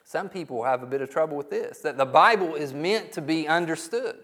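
A man's voice: on the high side, brisk, fairly bright tone. A middle-aged man preaching a sermon in church as pastor, emphatic and repetitive, often asking the congregation rhetorical questions. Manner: emphatic, repeats key words, asks the congregation rhetorical questions.

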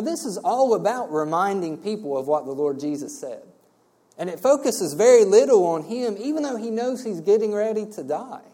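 Mellow-voiced man teaching scripture. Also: fairly high pitch. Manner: conversational, asks rhetorical "right?" checks. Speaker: preacher. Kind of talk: verse-by-verse Bible teaching.

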